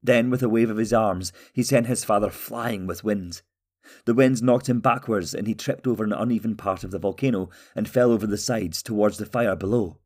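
A man narrates a fantasy novella in a steady, even manner. His voice sits low and calm, paced for scripted storytelling. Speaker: audiobook narrator.

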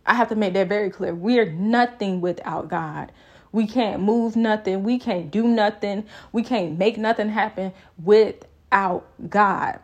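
Woman giving an emphatic faith reflection. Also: medium pitch. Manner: emphatic, repetitive preaching cadence. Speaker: vlogger.

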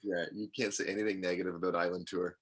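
Husky low-voiced man in casual chat. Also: little pitch movement, fast. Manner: reads forum posts aloud, thinks out loud. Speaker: podcast co-host.

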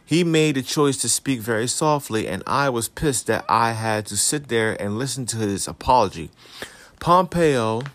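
A man giving casual celebrity gossip commentary, reading articles aloud with sarcastic, profane asides. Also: fairly low pitch. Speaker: commentary host.

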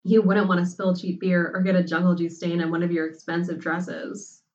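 A woman's voice: fairly low pitch, little pitch movement, normal speed, darkish tone, highs cut off, lightly acted. A woman voicing a bold, confident young college woman who talks bluntly and teasingly. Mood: brash.

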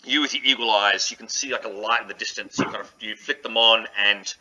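A man's voice: fairly low pitch, brisk, sharp tone, dull audio. A man narrating a tabletop role-playing game as game master, describing scenes with frequent restarts. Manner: hesitant, full of restarts while describing scenes.

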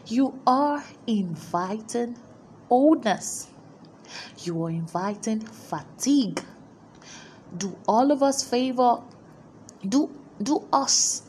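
A woman preaching a motivational sermon, building emphatic repeated declarations with dramatic pauses. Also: medium pitch, a little mellow, slight background noise.

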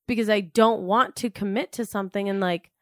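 A young woman co-hosting a casual chat podcast talks hesitantly in a steady mid-range voice, a little fast, circling her point with fillers, restarts, and lots of "like"s. The sound is dry and close, with no echo.

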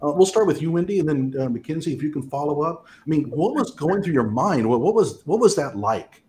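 A man's voice: fairly high pitch, lively intonation, brisk, darkish tone, a little hiss or hum. A man co-hosting a podcast, asking interview questions in a hesitant way with many fillers. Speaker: podcast co-host.

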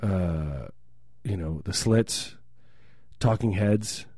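A man co-hosting a radio show in casual banter, deadpan and sarcastic, rambling from one thought to the next. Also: low voice, extremely slow, no room sound, studio quality.

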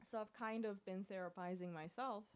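A woman chatting casually as a podcast co-host, reflective and quick to laugh. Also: mid-range voice. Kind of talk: casual chat.

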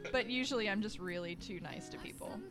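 A woman co-hosting a casual chat podcast, lively and easygoing, laughing often. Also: mid-range voice, brisk, soft background music. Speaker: podcast co-host.

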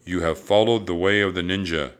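A man voicing a calm, wise old ninja master in a storybook read-aloud, speaking solemnly and kindly. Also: deep voice, brisk, close to an everyday voice.

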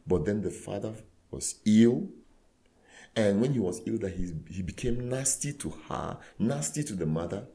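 A man, a clergyman guest, telling a story in conversation with earnest, animated retelling that acts out dialogue. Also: on the low side, moderate pace. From Nigeria.

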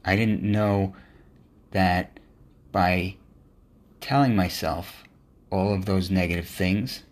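A man's voice: sits low, steady tone, slow. A man hosting a motivational podcast, speaking in an earnest, encouraging monologue. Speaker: podcast host.

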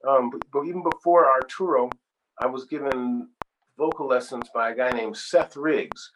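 An older man, a guest singer, telling animated stories in a casual interview. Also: mid-range voice, normal speed. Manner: animated storyteller, acts out quoted voices. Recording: noisy background hiss.

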